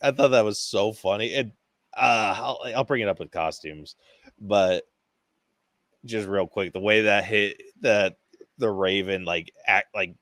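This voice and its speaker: A man co-hosting a podcast in casual movie review chat. He is excitable, swears freely and acts out scenes in quick quoted voices. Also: fairly low pitch, dry recording. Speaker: podcast co-host.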